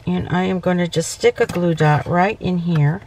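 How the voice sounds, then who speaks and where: A woman's voice: on the low side, moderate pace, darkish tone, slight background noise. A woman hosting a casual papercraft tutorial, chatty and self-correcting, often checking in with "okay". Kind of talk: casual crafting demonstration.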